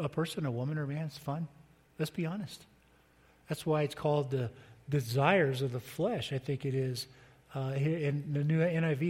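A man's voice: mid-range voice, darkish tone, slightly rough. A middle-aged man preaching a sermon as pastor, conversational and joking with the congregation. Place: church sanctuary. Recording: long reverb of a church hall.

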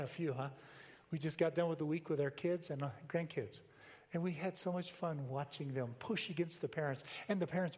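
An older man preaching a sermon to his church in a relaxed, conversational way, with anecdotes and frequent rhetorical questions. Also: fairly high pitch. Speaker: pastor. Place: church sanctuary. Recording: long hall reverb.

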